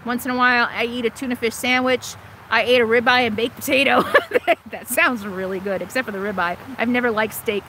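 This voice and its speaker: Woman, middle-aged, casual live-stream chat, fillers and restarts, high-pitched. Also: steady tone, quick pace, background noise. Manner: chatty, frequent fillers and restarts, thanks donors warmly. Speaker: RV vlogger hosting a live stream. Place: inside an RV or vehicle.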